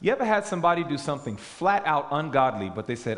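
Animated man preaching in a reverberant hall. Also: on the high side, fast, few pauses. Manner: animated, emphatic, asks the audience questions. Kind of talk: sermon.

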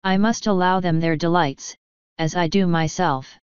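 A woman's voice: lowish voice, steady tone, moderate pace, clean tone, no echo, highs cut off, natural voice. A woman voicing a lazy, seductive male elf king who talks in a languid, mocking purr.

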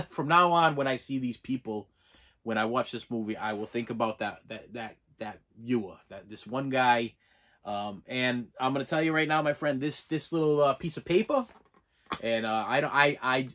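A man's voice: medium pitch, a bit bright. Casting note: male vlogger, rambling casual rant, stammers and repeats himself, sincere and a bit emotional. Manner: rambling, repeats words, stumbles over names; sincere and emotional when thanking viewers. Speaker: channel host.

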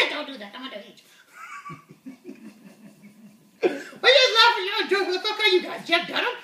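Very high bright voice, swaggering cussing unicorn puppet, lively, echoey room. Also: male voice, normal speed, heavily acted. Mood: brash. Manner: swaggering, swears constantly. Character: brash foul-mouthed male unicorn puppet.

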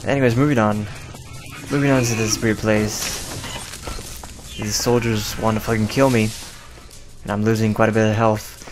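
A man's voice: fairly low pitch, level tone, moderate pace, pauses often, over music. A young man casually commenting on a video game he is playing, rambling, profane and sarcastic. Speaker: gameplay commentator. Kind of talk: casual let's play commentary.

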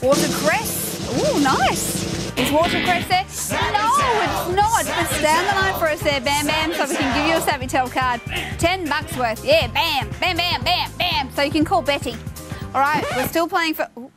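An Australian woman hosts a live phone-in quiz on television. Her voice sits high, and she talks in a chatty, playful way, laughing easily between calls. Studio music plays clearly under her. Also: moderate pace. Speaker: quiz show host. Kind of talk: live call-in quiz hosting.

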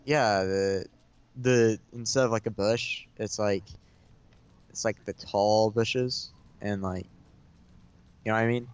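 A lowish male voice in relaxed gaming chat with a friend, asking questions and hedging often. He sounds laid-back and unhurried, picked up by a dull, lo-fi home mic. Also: clear, resonant tone. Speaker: co-op player.

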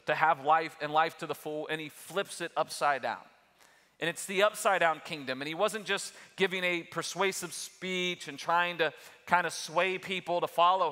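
A man preaching in a large church auditorium, his bright, somewhat high voice carrying over a long reverb. He starts out conversational and builds to emphatic, raised points. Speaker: pastor. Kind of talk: sermon.

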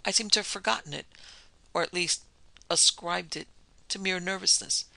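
A man voicing a nervous, frightened male author who speaks in jerky sentences with a lowered voice. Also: normal speed, vocal fry, sharp tone, no room sound, heavily acted, rough recording. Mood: uneasy.

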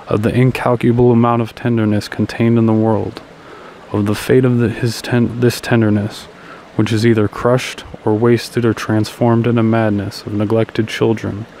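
A man reading a literary short story aloud in a low, very flat voice. His pace is measured and even, with small slips now and then. Faint noise runs underneath. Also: poor audio. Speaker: audiobook reader.

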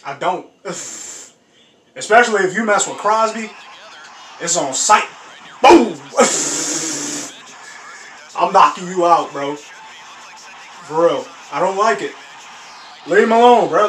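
A high-voiced man hosts a sports reaction video, chatting in loose slang and bursting into shouts and laughter. He sits some distance from the mic in a roomy, echoing space. A faint hiss runs underneath. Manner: animated, laughing often, slangy exclamations. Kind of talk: casual reaction commentary.

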